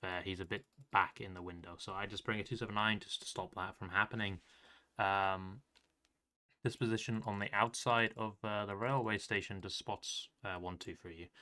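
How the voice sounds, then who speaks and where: Man, lowish voice, bright edgy tone, casual rambling explanation, lots of fillers. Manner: loose and rambling, full of fillers and self-corrections. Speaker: game strategy guide creator. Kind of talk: casual explanation of game tactics.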